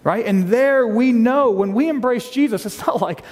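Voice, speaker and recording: A man's voice: very high-pitched, normal speed, long reverb tail. A man preaching a sermon to his church, reading scripture aloud with earnest emphasis. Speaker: pastor. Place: church sanctuary.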